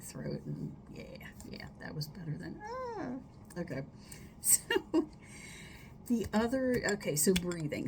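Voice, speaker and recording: A middle-aged woman therapist speaks in a slow, slightly low voice, chatting casually and wandering between thoughts. She demonstrates breaths and sighs aloud as she explains them. A faint hiss of background noise runs under her voice. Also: darkish tone. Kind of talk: casual solo talk giving wellness tips.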